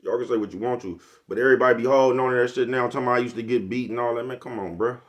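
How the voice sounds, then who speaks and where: A man's voice: medium pitch, rapid-fire. An older man, giving a blunt, preachy, profane motivational monologue to his viewers. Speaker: vlogger.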